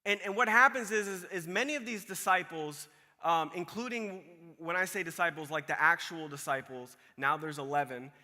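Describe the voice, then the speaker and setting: Bright, lively young-sounding male preacher. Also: on the high side, moderate pace, in a large hall. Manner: casual, animated storytelling with quoted voices. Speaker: pastor. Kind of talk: sermon.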